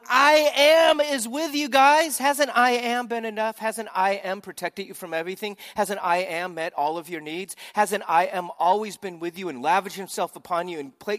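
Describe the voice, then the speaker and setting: Male pastor, sermon delivery, mid pitch, dynamic loud-to-soft emphasis, long hall reverb. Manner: animated, swings from loud emphasis to quiet intensity.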